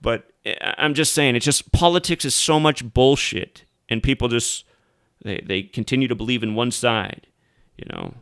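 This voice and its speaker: A man holds forth in a heated monologue, cursing and jeering at his listeners. His voice is smooth and full, heard close up with no room sound at all. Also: mid-range voice, normal speed, a bit bright, no echo. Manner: profane, angry, mocking outbursts. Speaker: host. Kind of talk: ranting commentary monologue.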